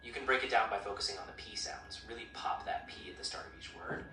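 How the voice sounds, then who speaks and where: A synthetic male voice assistant coaching pronunciation in an upbeat, encouraging way with even-paced explanations. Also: mid-range voice, fast talker. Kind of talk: friendly coaching chat. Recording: roomy, distant speaker playback with clear noise.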